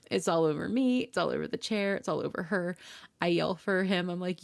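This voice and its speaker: A young woman with a fairly low voice chats on a podcast, laughing through her stories. She acts out the dialogue as she tells them, and her manner is casual and lively. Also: normal speed, vocal fry. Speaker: podcast co-host. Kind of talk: casual chat.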